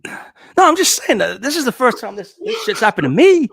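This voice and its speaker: A man's voice: very high-pitched, sing-song, moderate pace, creaky, fairly bright tone, reverberant. A man co-hosting a live movie stream, muttering and swearing freely under his breath. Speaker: co-host. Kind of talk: casual live stream chat.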